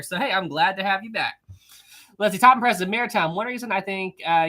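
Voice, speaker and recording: A man hosts a casual live stream, talking straight to his chat in an upbeat, friendly way. His voice sounds bright and forward. He greets viewers one by one and reads their messages out. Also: high-pitched.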